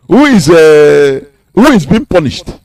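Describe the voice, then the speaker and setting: A man's voice: fairly high pitch, darkish tone, no room sound. A man giving an impassioned, preachy radio talk full of rhetorical questions. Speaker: radio host.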